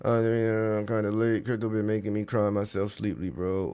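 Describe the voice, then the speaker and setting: A man's voice: lowish voice, brisk, gravelly, hardly any pauses. A man hosting a crypto livestream, chatting casually, talking slang, swearing and reading out chat comments. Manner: animated, slangy, swears, reads chat aloud.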